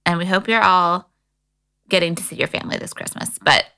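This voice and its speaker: A woman in her thirties co-hosting a podcast, telling stories in casual chat and leaping into high voices when she quotes. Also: a little fast, vocal fry, clear, resonant tone. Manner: animated storyteller, jumps into high voices when quoting. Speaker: podcast co-host.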